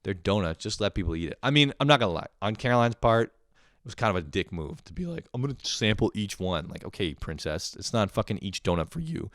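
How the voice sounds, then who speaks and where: A man's voice: fairly low pitch, sing-song, fast talker, fairly bright tone, no room sound, clean studio sound. A young man hosting a podcast, telling a profane comedic story and acting out family members in shifting voices. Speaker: podcast host.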